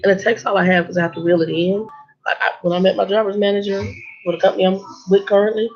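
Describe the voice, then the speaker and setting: A woman's voice: medium pitch, fast, slight background noise. A woman truck driver telling stories in a casual vlog, blunt and sarcastic. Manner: sarcastic, blunt, animated storytelling. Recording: dull lo-fi recording.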